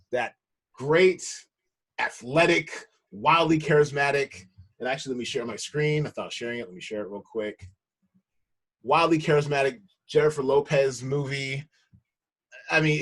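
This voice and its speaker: Husky guy hosting a podcast, excited, keeps tripping over his words. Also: medium pitch. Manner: enthusiastic, stumbling restarts. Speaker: podcast host. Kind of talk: casual podcast chat.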